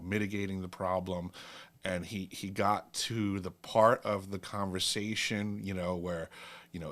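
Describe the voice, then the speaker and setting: Casting note: low-voiced male host, loose anecdotal delivery, chuckles often. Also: fairly bright tone. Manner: rambling, laughs at his own stories. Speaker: show host. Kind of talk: casual storytelling.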